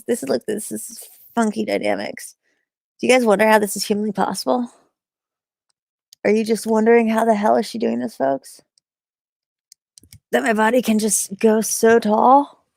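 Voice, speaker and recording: Livestreaming from a small attic in an old house, a woman with a fairly high, darkish voice and vocal fry reads her chat aloud. She rambles casually, pokes fun at herself, and uses upspeak. The sound is studio quality with no room tone.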